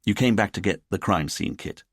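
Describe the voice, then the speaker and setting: A man's voice: sits low, brisk, husky, dry recording, clean studio sound. A man doing a stiff, formal police chief. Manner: stiff and formal, stammers when embarrassed.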